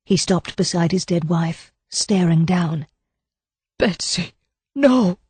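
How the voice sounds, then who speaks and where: A woman narrating a cozy mystery audiobook in an even, measured storytelling style. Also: fairly low pitch, breathy edge, no room sound. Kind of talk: scripted narration.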